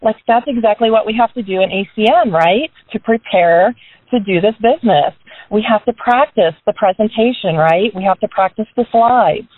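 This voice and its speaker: A woman's voice: mid-range voice, moderate pace, no echo. A woman talks her team through a casual motivational pep talk from a parked car. She is chatty and upbeat and keeps turning statements into questions for her listeners. The sound is narrow and tinny, like a phone line, and dry, with no room around it. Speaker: business team member giving a motivational talk on a group call.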